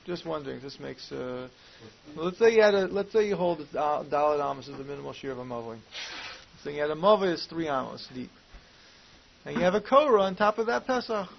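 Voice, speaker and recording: A man's voice: fairly high pitch, expressive, a little fast, gravelly. A man teaching a Talmud class, reasoning aloud and posing questions, in a muffled lo-fi recording with faint hiss. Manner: questioning, reasoning aloud with Hebrew and Aramaic terms.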